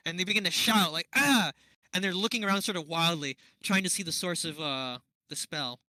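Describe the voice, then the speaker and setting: A man's voice: a little high, a little fast, sharp tone, no echo, rough recording. A man running a tabletop game as game master, narrating the scene and thinking aloud, laughing often.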